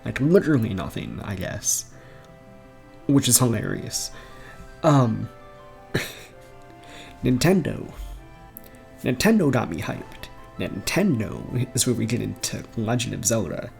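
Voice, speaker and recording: A young man rambling excitedly about video games in a casual home vlog, laughing often and swearing casually. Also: fairly low pitch, unhurried, gravelly, faint music behind. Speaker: gaming vlogger. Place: bedroom at home.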